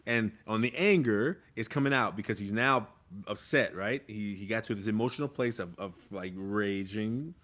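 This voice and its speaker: A man's voice: fairly low pitch, normal speed, few pauses, a bit bright. A man who mentors young people and was once a vice principal, telling a story in an earnest, vivid way during a conversation. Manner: earnest storyteller, acts out scenes.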